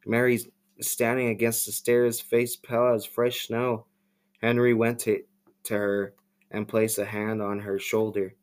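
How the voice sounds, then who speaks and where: Guy reading a creepy story on a podcast, low voice, slow and laid back. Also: level tone. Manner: unhurried, with casual asides. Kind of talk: casual horror story reading.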